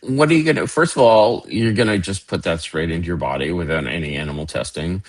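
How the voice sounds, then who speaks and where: Low-voiced sardonic man rambling. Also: quick pace. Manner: rambling, sardonic, many fillers. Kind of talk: casual political conversation.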